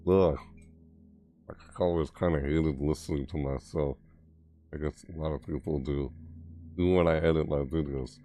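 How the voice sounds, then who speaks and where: A man hosting a live stream, chatting casually in a deep, throaty voice and rambling as he thinks aloud. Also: darkish tone. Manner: rambling, self-interrupting, musing aloud. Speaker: streamer reacting to game news.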